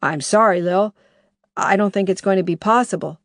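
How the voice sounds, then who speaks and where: A woman voicing a smooth-talking man who apologizes on the phone, in a raised, pleading way. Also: mid-range voice, moderate pace, no room sound, clean studio sound, natural voice.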